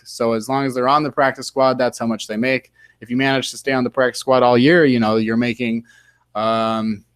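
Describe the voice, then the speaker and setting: A man's voice: mid-range voice, no echo. An American man hosting a casual sports podcast, rambling and full of fillers. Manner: rambling, filler-heavy, fond of mock British slang. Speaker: podcast host.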